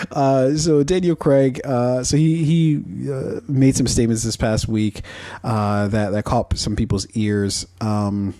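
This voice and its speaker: A male podcast host speaks slowly at medium pitch with a flat delivery, his voice warm and mellow rather than bright. On his casual commentary show he rambles through his points with many fillers, curses freely, and laughs at his own asides, recorded dry and close with no room echo.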